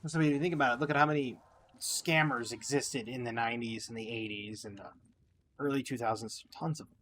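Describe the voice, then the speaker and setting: A gaming channel host with a medium-pitched, fairly bright voice talks quickly over slight background noise. In casual gameplay commentary, he muses at length in a reflective, opinionated, rambling way.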